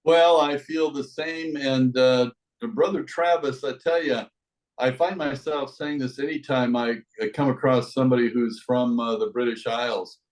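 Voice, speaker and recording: A man's voice: medium pitch, steady tone, normal speed, poor audio. A middle-aged American man, a life coach, talking in an expansive, reflective way as a guest on a podcast interview. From United States.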